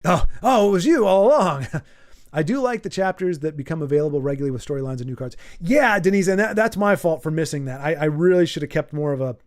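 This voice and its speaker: A man's voice: fairly high pitch, expressive, fast. A man hosting a casual livestream, chatting to his viewers in a rambling, self-deprecating way with frequent stumbles and restarts. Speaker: livestream host.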